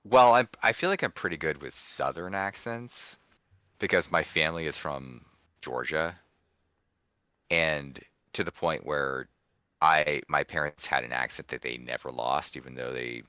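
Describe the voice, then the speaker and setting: A man's voice: a bass voice, measured pace, pushed and bright, clear, resonant tone, dry recording, studio quality. A man co-hosting a casual wrestling podcast, rambling and restarting his sentences as he talks. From DC area, USA. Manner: rambling, self-correcting. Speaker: podcast co-host.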